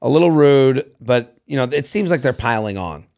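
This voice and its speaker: A man's voice: medium pitch, lively intonation, normal speed, a little mellow. A man co-hosting a podcast, reading a listener's story aloud in casual chat, playful and laughing often. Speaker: podcast co-host.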